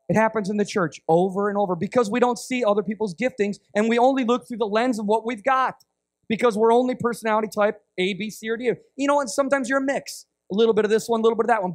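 A man preaching a sermon, telling stories in an animated, conversational way. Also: high voice, dry recording, studio quality.

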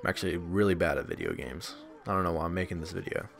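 A man's voice: deep voice, sing-song, fast, creaky, music in the background. A man giving casual, crude, joking let's-play commentary while playing a video game, teasing the characters and mocking his own skill. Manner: joking, crude and self-deprecating.

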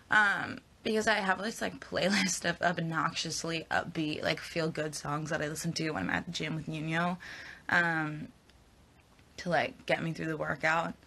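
Young actress chatting casually with fans on her phone; bright, edgy tone, chatty and rambling. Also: deep voice, gravelly. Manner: chatty, giggly, rambling with fillers. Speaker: actress answering fan questions. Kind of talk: casual live Q&A chat.

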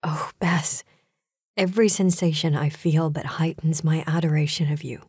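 A woman voice actor playing a lovesick noblewoman reading her love letter in a soft, breathy, whispery way. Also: low voice, steady tone, moderate pace, dry recording, studio quality. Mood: yearning. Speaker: hired voice actor.

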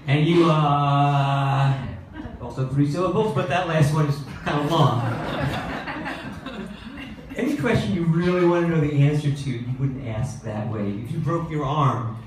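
A middle-aged man works an open-mic stand-up set in a deadpan, exasperated observational style. His voice sits slightly high and reaches the mic from a distance. The club recording is very echoey and carries a clear room noise. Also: moderate pace. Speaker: stand-up comedian. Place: comedy club stage. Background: audience laughter.

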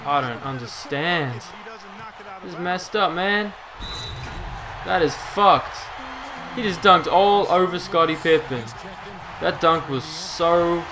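A young man giving live commentary over his own basketball video game, exasperated and swearing, swinging between loud outbursts and low muttering. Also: slow pace, long pauses, music in the background. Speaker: gaming commentator.

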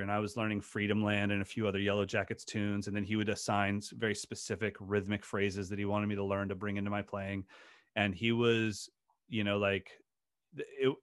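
Earnest man with a low, dry voice. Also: a bit bright, dry recording. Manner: earnest, passionate, rambling with restarts. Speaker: guest drum educator. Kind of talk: casual podcast interview storytelling.

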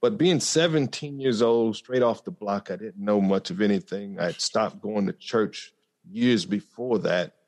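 A man speaking as a podcast guest, telling a personal story in an earnest, reflective way with frequent pauses and fillers. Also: fairly low pitch, darkish tone. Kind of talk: conversational storytelling.

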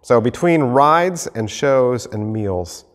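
A man preaching a sermon as pastor, reading scripture and then acting out the scene with lively shifts of voice. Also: medium pitch. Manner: animated, acts out the disciples and Jesus in quick voices. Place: church sanctuary. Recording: long hall reverb.

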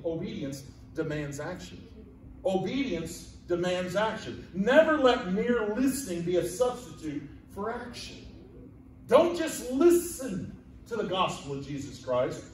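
A man preaching a sermon in a folksy, storytelling way. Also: extremely high pitch. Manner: folksy storytelling, acting out voices in quotes. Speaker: pastor. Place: church sanctuary. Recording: echoey church room from a distant mic.

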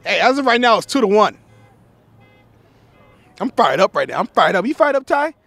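A man giving play-by-play commentary at a soccer match outdoors, excitable and repetitive, shouting on big plays. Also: high voice, moderate pace, vocal fry. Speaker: sports commentator.

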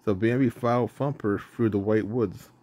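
A man reading a children's storybook aloud in a plain, even narrating manner, with the odd stumble. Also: fairly low pitch, normal speed.

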